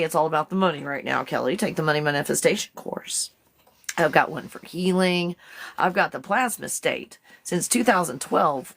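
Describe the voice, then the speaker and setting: A woman's voice: lowish voice, a bit bright. A woman hosting a casual live stream, chatty and rambling, often giggling and breaking off to talk to her dog. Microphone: phone.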